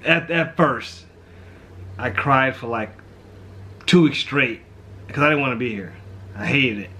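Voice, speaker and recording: A man's voice: medium pitch, expressive, measured pace, bright, forceful tone. A man who grew up in St. Louis, a pastor and vlog host, talking heartfelt and reflective in a casual chat, often saying "man" and "you know".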